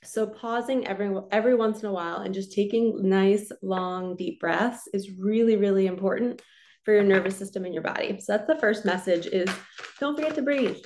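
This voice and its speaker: A woman's voice: medium pitch, fairly quick, a little hiss or hum. Chatty woman giving a spiritual card reading. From New Jersey. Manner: relaxed, chatty, reassuring, lots of "like" and "so".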